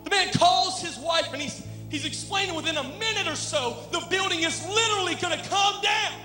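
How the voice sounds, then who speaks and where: A man's voice: very high-pitched, a little fast, sharp tone, faint music behind. A man preaching with dramatic, impassioned storytelling, recorded in an echoey hall.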